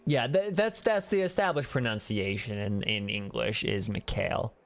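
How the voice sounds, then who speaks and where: A streamer with a Midwest mountain accent giving animated, rambling gameplay commentary full of restarts. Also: mid-range voice, moderate pace. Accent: Midwest mountain American.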